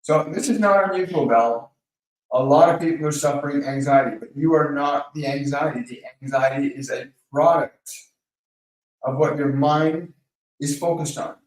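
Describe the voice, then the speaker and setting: A man hosting a live question-and-answer stream, calmly coaching viewers by name and guiding them through slow breathing. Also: fairly high pitch, far from the mic. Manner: calm, coaching, speaks directly to viewers by name. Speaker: host of a live Q&A. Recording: very echoey room, voice off-mic.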